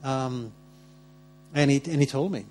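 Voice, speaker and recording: A man preaching a sermon, telling personal stories straight to the congregation and moving between quiet asides and loud bursts. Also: mid-range voice, unhurried, slight background noise. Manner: animated, swinging between soft asides and loud outbursts; laughs often while telling stories.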